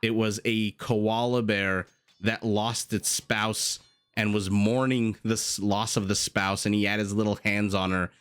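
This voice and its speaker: Animated man casting a strategy game. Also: fairly low pitch, a little slow, clean tone. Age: adult, married with a young child. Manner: animated, rambling, jokey asides. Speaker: game caster. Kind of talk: esports commentary.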